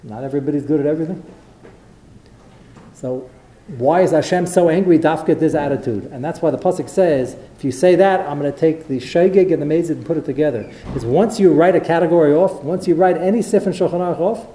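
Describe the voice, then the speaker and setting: A man delivering a Torah lecture, telling stories with animated, acted-out quotes. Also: a little high, a little fast. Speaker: rabbi. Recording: roomy echo.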